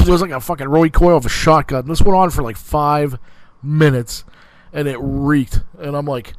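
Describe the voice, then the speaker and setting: A man's voice: on the high side, steady tone, moderate pace, a little hiss or hum. A man hosting a podcast, telling a crude story in casual, profane chat, rambling with many fillers and restarts. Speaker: podcast host.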